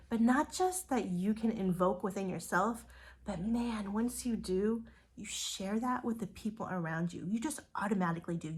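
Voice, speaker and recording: An earnest woman in her forties gives a motivational talk to her direct sales team. She sounds emotional and gushing, and she drops to breathy whispers for emphasis. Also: mid-range voice.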